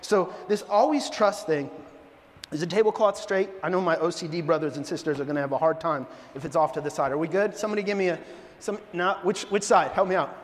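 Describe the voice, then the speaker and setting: High-pitched pastor guy, middle-aged, jokey animated sermon, long echo in the church. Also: brisk. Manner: animated, joking, storytelling. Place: church sanctuary. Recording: long church hall reverb.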